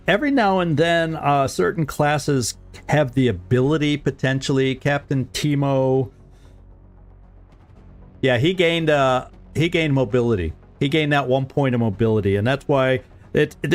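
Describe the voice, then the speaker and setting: A man's voice: medium pitch, unhurried, faint music behind. Chatty man streaming a strategy game. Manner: chatty, chuckles often, repeats words while thinking aloud. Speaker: gaming streamer. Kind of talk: casual let's-play commentary.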